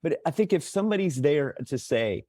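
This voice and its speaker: Halting man reaching for analogies. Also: fairly high pitch, big pitch swings, mellow, dry recording, studio quality. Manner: halting, repeats words, illustrates with everyday analogies. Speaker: mental health podcast speaker. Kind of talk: podcast conversation.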